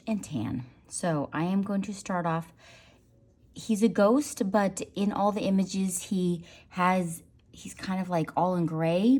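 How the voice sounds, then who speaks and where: A woman's voice: fairly low pitch, mellow. A woman leading a casual drawing tutorial, chatty and playful, making silly sound effects as she draws. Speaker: art teacher.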